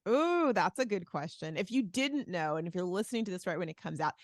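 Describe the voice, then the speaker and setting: A woman's voice: lowish voice, brisk, no echo. A woman co-hosting a casual podcast, with a voice that swoops up and down as she talks. She sounds playful and chatty, hopping from one topic to the next. The sound is dry and close to the mic. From Arizona, USA. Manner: playful, lively, jumps between topics and sings snippets. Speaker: podcast co-host.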